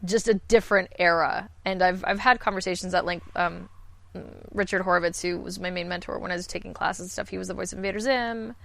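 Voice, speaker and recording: A woman's voice: fairly low pitch, steady tone, brisk, vocal fry, fairly bright tone, no echo. A woman in her thirties, a voice actor guest, talking candidly and self-deprecatingly in a rambling podcast chat. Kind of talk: casual podcast conversation.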